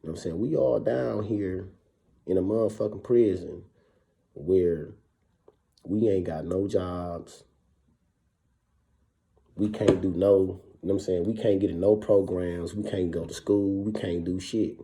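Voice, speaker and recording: A man's voice: low-pitched, fairly even intonation, unhurried, vocal fry, long pauses, warm tone. A man from Wisconsin, a former prisoner, telling his story in casual, profane street talk and keeps asking "you know what I'm saying".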